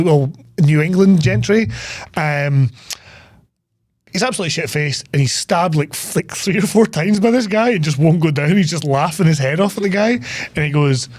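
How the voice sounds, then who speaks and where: A man's voice: a little high, no room sound. Sweary Scottish guy retelling a film. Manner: sweary, animated, acts out scenes in quick put-on voices. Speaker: podcast co-host. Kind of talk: casual film review chat.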